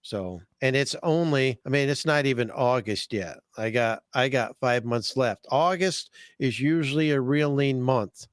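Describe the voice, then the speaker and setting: A man's voice: medium pitch, measured pace, hardly any pauses, smooth, dry recording, clean studio sound. A man hosting a fishing podcast, talking in a folksy, enthusiastic way and often repeating his words. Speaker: podcast host, fishing guide. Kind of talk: casual podcast chat.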